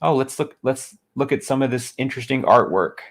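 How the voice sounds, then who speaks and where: Deadpan, mocking male streamer. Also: medium pitch, fairly quick. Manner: mocking, deadpan asides, frequent restarts. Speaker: streamer reading a book aloud. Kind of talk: sarcastic live-stream commentary.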